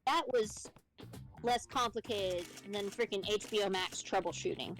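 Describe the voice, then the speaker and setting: A woman's voice: medium pitch, a little slow, faint music behind, low-quality recording. A young woman in casual chat, ranting and swearing as she tells stories about her job. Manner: profane ranting storyteller, swears often. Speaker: streamer co-host.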